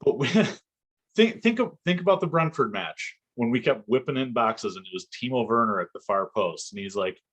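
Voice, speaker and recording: A man co-hosting a casual football podcast, talking in an animated, excitable way and laughing often. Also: medium pitch, moderate pace, slightly rough. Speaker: podcast co-host.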